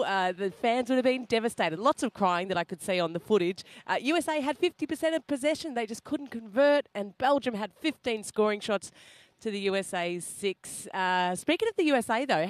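A woman's voice: fairly high pitch, no room sound. Chatty Australian woman reporting live. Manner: chatty and laughing, quick asides. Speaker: field reporter. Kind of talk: live radio cross. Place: at a roadside hotel.

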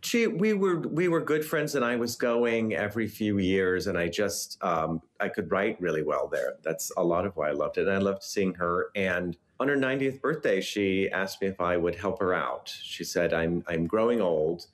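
A man in his fifties from the United States, talking about his novel in a relaxed, chatty way with an easy laugh. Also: low-pitched, moderate pace, hardly any pauses. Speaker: novelist guest. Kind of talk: interview conversation.

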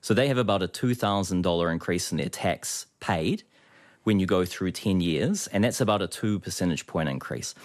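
A man with a New Zealand accent, a research economist explaining tax policy calmly as a radio guest. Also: low voice, dry recording, clean studio sound. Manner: calm explanatory. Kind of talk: radio interview.

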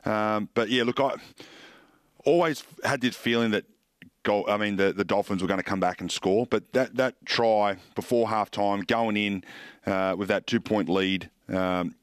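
Low-voiced rugby league pundit. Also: male voice, fairly even intonation, unhurried, clean tone, no room sound, clean studio sound. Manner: earnest, assured, repeats words. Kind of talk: sports radio analysis.

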